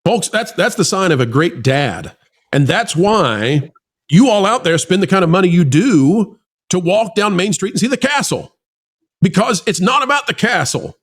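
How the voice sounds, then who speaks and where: A man's voice: high-pitched, very animated, normal speed, breathy edge. A man hosting a talk show, speaking earnestly and a bit like a preacher to his listeners, then turning to question his co-host. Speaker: podcast host. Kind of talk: heartfelt talk-show commentary.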